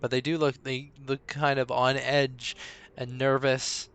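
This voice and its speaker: A man's voice: mid-range voice, little pitch movement, measured pace, fairly bright tone, clear, resonant tone. A man narrating a tabletop game as game master on a live stream, rambling, with many fillers and restarts.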